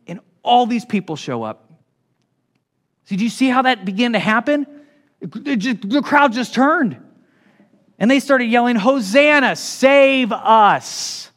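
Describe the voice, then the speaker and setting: A man preaching a sermon as pastor, animated and swinging from hushed lines to shouts. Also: extremely high pitch.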